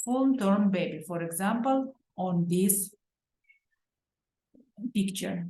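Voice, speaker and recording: Slow, careful woman lecturing in an echoey room. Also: medium pitch, expressive, warm tone. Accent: Uzbek. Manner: careful, deliberate reading with hesitant fillers and self-corrections. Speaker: medical lecturer. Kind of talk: slide lecture on pediatrics. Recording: roomy echo.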